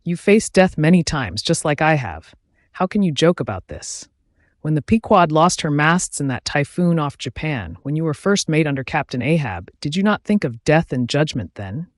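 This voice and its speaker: A devout old sea captain, voiced by a man narrating, pleading and preaching with lively rises and falls. The voice is a little raised and sits close in a dry space. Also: on the high side, normal speed, no room sound. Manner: preachy, sermonizing.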